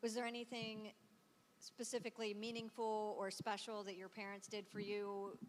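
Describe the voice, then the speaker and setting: A woman's voice: on the high side, a little hiss or hum. Hesitant mother asking from the audience. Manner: hesitant, rambling. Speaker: parent in the audience. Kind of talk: audience question. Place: performing arts hall. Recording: distant in a reverberant hall, faint ambience.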